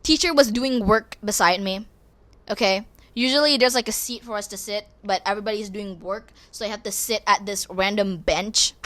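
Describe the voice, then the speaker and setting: A woman hosting a podcast, rambling through a casual, expressive, self-deprecating monologue. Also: medium pitch, normal speed. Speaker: podcast host.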